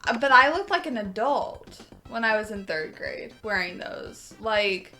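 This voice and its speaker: A woman's voice: medium pitch, animated, a little slow, sharp tone, faint music behind. A woman joining her husband's let's play, chatting casually and rambling with giggles. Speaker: co-player, host's wife. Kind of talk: casual gameplay chat.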